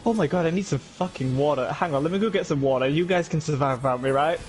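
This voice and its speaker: A man's voice: fairly high pitch, quick pace, faint music behind. A man co-hosting a casual gaming stream, laughing often and swearing freely. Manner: lively, laughs and swears a lot. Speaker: streamer co-host.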